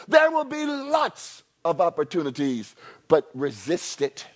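A man's voice: high-pitched, wildly swooping pitch, a little slow. A male pastor preaching a sermon, calling on the congregation to repeat after him and repeating lines for emphasis, often restarting his words. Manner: call-and-response preaching, repeats phrases for emphasis; stammering restarts, swings from hushed to loud.

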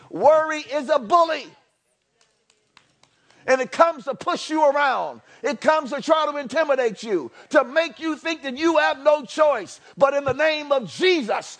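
A man with a high, bright-sounding voice preaches a sermon in a church. He repeats himself for emphasis and drops into chatty asides. Then he builds up to near-shouting. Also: unhurried. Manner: animated, swinging from soft to near-shouting. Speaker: pastor.

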